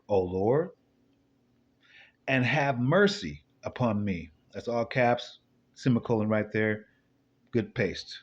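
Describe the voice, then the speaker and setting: A man giving loose, profane commentary while reading scripture, rambling, muttering low and then bursting up high. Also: expressive, slow pace, long pauses, husky. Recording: dull lo-fi recording.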